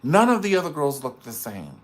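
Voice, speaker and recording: Sassy, lively man gossiping on a live stream. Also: fairly high pitch, a little fast. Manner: sassy, dramatic and gossipy, full of slang asides; chats with viewers in the live comments. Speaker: live-stream reality TV reviewer. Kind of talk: casual live-stream commentary.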